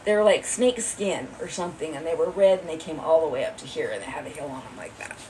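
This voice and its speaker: Talking fast in a low, mellow voice with lively intonation, a woman hosts a livestream and tells a rambling, gossipy tale, laughing often and staying chatty. Her phone records her from a distance, giving low-quality audio with a little hiss or hum.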